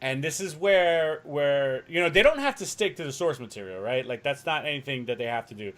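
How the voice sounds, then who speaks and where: A man's voice: a little high, expressive, a little fast, a bit bright. Rambling, swearing man on a podcast. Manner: rambling, swears freely, acts out quotes. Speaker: podcast co-host. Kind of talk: casual chat.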